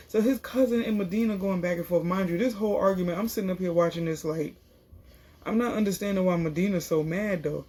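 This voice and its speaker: A woman's voice: lowish voice, fast talker, mellow. A woman casually recapping a reality TV episode in a chatty, slangy way, full of fillers. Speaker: TV show reviewer.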